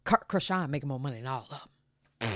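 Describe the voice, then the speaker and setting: A woman's voice: very deep voice, dry recording. A woman hosting a gossip commentary show, talking casually with sassy asides.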